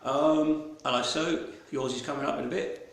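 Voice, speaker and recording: Here a man with a broad Cockney accent chats his way through a live-streamed gallery private view, full of ums, restarts and cheerful cursing. His voice is fairly high and steady, at a normal speed, and the room echoes.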